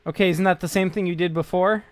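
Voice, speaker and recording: Smooth-voiced man running a tabletop game. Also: sits high, steady tone, soft background music. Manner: halting, full of fillers and laughs. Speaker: game master.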